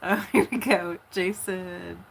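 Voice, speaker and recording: A woman livestreaming late at night, chatting softly and giggling with her viewers over a phone mic. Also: lowish voice, steady tone, slow pace, creaky, a little hiss or hum.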